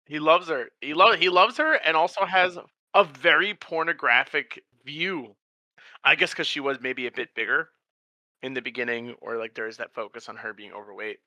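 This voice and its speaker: Bright, animated man reviewing a movie. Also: moderate pace, dry recording. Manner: animated, acts out characters with big pitch jumps. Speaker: podcast co-host. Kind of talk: casual movie review chat.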